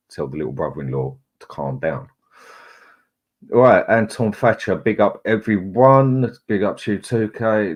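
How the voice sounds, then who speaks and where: A middle-aged man, hosting a casual live chat, greeting viewers in a chatty, laid-back way. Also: low voice. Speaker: livestream host.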